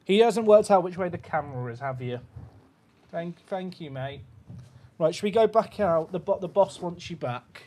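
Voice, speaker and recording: A man hosting a casual livestream, sleep-deprived, cooing softly at a puppy and chatting upbeat with viewers. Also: high voice, animated, moderate pace, a little hiss or hum. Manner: coos softly at a puppy, then chats upbeat with his viewers. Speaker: livestream host.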